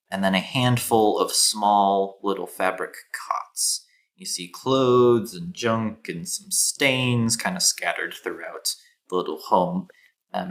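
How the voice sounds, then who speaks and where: A man's voice: lowish voice, fairly bright tone. Man narrating as game master. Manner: hesitant, many ums and restarts.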